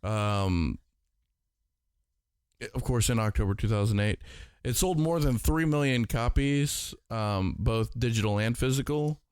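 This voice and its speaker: A man co-hosting a podcast in relaxed casual chat, recorded with a dry, close sound. He is laid-back and profane. He drops frequent "right"s of agreement. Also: mid-range voice, measured pace, smooth, no echo. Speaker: podcast co-host.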